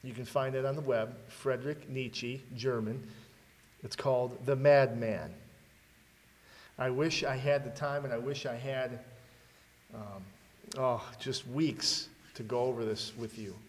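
Male preacher, mid pitch, sermon delivery with questions to the room, long hall reverb. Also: fairly even intonation, a little slow. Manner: rhetorical questions to the congregation, dramatic readings.

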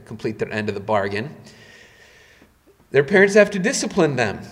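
A man's voice: fairly bright tone, big-room sound. A man preaching a sermon as a pastor, with emphatic rises and drops in his delivery. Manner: emphatic preaching with sudden rises in pitch and volume.

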